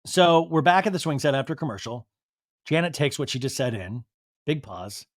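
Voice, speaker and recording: A man's voice: fairly high pitch, lively intonation, normal speed, no room sound. A male podcast host giving a chatty, sardonic comedic recap of a reality show and acting out the cast's voices.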